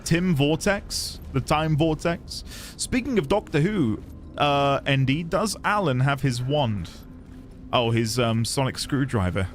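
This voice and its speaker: A man streaming a video game, chatting excitably with his viewers and laughing often. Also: mid-range voice, a little slow, soft background music. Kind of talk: casual live-stream commentary.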